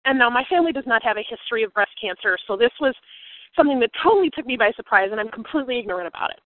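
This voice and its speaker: Earnest woman speaker, reflective storyteller turned life coach, fairly high voice, tinny phone-line sound. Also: animated, very fast, dry recording. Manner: earnest, reflective, grows emotional. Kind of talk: personal story with motivational lesson.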